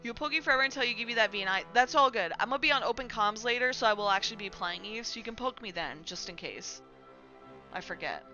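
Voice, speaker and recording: A woman streamer chats casually from home. She laughs often and coos at her cat between remarks. Her voice is bright and crisp, with soft music playing faintly under her. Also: on the high side, expressive, quick pace, muffled recording. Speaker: Twitch streamer. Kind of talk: casual live-stream chat. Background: faint music from a playlist.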